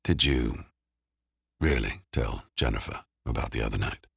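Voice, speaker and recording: A man playing a gruff terse detective. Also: very deep voice, normal speed, fairly bright tone, no room sound, voice pushed down, full character voice. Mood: guarded. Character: gruff male police detective, guarded and low-key. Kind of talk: audiobook character voice. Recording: dry close studio sound.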